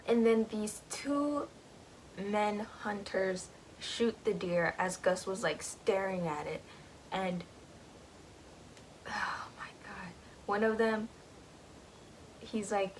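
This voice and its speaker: A woman's voice: medium pitch, a little hiss or hum, low-quality recording. A young woman casually retelling a book's plot, rambling with lots of fillers and giggles. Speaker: book vlogger.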